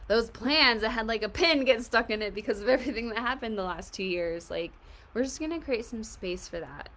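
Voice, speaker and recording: A woman coaching an emotional tapping exercise in a gentle, reassuring, casual way, often saying "like". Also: mid-range voice, slight background noise. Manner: casual, fills speech with "like". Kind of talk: guided tapping session.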